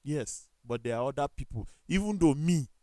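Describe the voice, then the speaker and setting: Animated Nigerian man telling stories. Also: on the high side, normal speed, no room sound. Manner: animated storytelling with quoted dialogue and self-corrections. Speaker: talk show panelist. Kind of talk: casual studio discussion.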